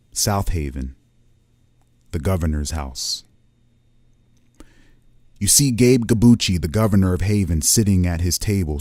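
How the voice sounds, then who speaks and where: A man's voice: sits low, darkish tone, no echo, studio quality. A man narrating a tabletop game as game master, describing each scene like a camera at work. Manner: cinematic, descriptive scene-setting.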